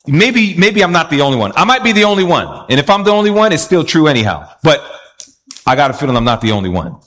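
Male preacher, fairly high voice, animated sermon delivery with rhetorical questions. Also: fast.

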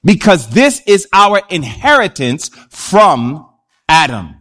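Male pastor, sermon delivery, animated and engaging, high pitch. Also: takes it slowly. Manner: animated, addresses the congregation directly. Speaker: preacher.

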